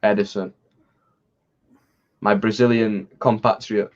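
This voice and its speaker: Taking it slowly with little pitch movement, a man with a fairly low voice co-hosts a casual football-watching livestream. He's chatty, laughs often, and restarts his rambling sentences, all on dull lo-fi stream audio.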